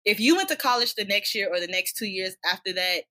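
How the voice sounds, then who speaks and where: A woman co-hosting a casual podcast chat, animated and slangy, laughing often. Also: medium pitch, quick pace. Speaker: podcast co-host.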